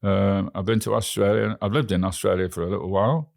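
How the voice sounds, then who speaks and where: A man's voice: on the low side, fairly even intonation, fast talker, vocal fry, a little mellow, no room sound, studio quality. A man with an English accent, a guest telling rambling travel stories in an interview, often restarting his words. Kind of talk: anecdotal storytelling.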